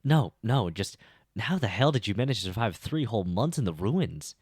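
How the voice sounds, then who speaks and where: A man's voice: sits low, moderate pace, no room sound, studio quality, close to an everyday voice. A man voicing a brash, easygoing huntress in an audiobook reading, blunt and mocking. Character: brash relaxed huntress woman.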